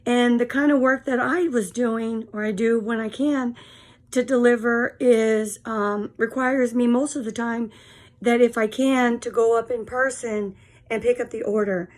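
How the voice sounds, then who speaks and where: A woman's voice: a little high, steady tone, a little slow, a little mellow. A tired woman in her fifties telling a frank, rambling story straight to camera. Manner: frank and rambling, full of fillers. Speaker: vlogger. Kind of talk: casual storytelling monologue.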